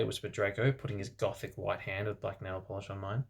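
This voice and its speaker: A man reading fan fiction aloud for comedy, deadpan, with sarcastic asides. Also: lowish voice, a little fast, creaky.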